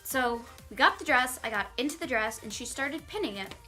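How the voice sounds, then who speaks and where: Young woman vlogger, bright forceful voice, lively storytime delivery over soft music. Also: on the high side, a little fast. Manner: animated storytelling, quoting others in acted voices. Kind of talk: storytime vlog. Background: faint background music.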